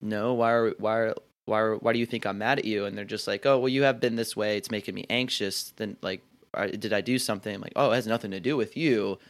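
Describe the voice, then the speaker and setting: A man's voice: fairly low pitch, fairly even intonation, quick pace. Young man rambling reflectively. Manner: rambling, reflective, heavy use of "like" and restarts. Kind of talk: casual conversation.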